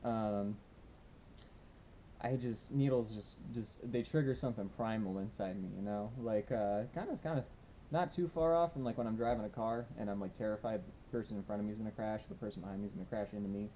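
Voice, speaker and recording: A man's voice: lowish voice, brisk, warm tone, muffled recording, a little hiss or hum. A young man talking casually in a diary vlog at home, rambling and self-deprecating with many fillers. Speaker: vlogger. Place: home room.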